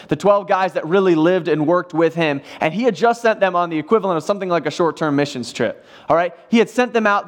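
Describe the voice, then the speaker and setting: A man preaching a sermon in church, retelling a Bible story in a casual, animated way with acted-out quotes. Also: high-pitched. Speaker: pastor.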